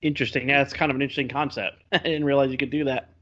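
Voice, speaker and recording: Man, podcast co-host; chatty and animated in casual game talk; slightly muffled lo-fi sound. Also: mid-range voice, racing. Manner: chatty, animated storytelling with laughs. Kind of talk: casual game review chat. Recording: slightly dull lo-fi audio.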